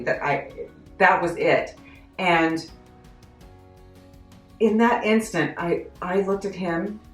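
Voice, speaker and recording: Woman vlogger, low-pitched, chatty and self-deprecating storyteller, roomy echo. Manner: chatty, self-deprecating, animated, with frequent laughs. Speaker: vlogger recounting a job story. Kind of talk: casual storytelling vlog. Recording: echoey room.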